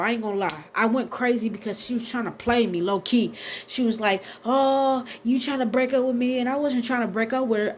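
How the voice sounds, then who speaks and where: A woman in her thirties telling a story straight to her viewers, animated and blunt, and swearing freely. Her voice sits a little high for a woman. A faint hum of ambience hangs under her. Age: 30s. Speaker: vlogger. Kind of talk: casual storytime.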